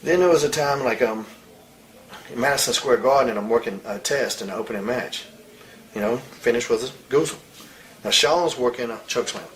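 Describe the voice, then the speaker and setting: A man's voice: mid-range voice, normal speed, a little hiss or hum, rough recording. A man in his forties in a candid interview, telling stories bluntly, with a lot of swearing and real heat. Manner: blunt, profane, heated storytelling. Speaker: interviewee, wrestler.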